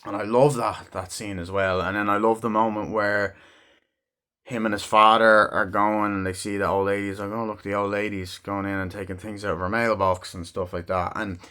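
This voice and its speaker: A man's voice: lowish voice, flat delivery, moderate pace, bright, forceful tone, clear, resonant tone. A man giving a casual movie review, rambling and swearing freely as he acts out scenes.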